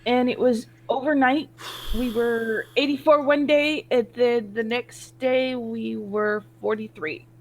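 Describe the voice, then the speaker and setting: A woman's voice: a little high, steady tone, takes it slowly. A woman with a scratchy, stuffy throat from allergies, chatting in a motherly, easygoing way in a group video chat.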